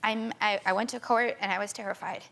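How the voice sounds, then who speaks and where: A woman's voice: medium pitch, steady tone, a little fast, vocal fry, a bit bright. A young woman guest on a talk show giving an urgent personal account, stumbling and restarting often. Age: young adult. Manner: urgent, tearful retelling with many restarts.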